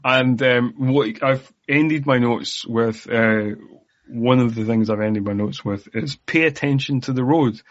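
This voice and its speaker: A man's voice: medium pitch, unhurried. A man co-hosting a podcast, talking in a casual, rambling way full of fillers and wry asides. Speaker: podcast co-host. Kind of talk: casual chat. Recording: dull lo-fi podcast audio.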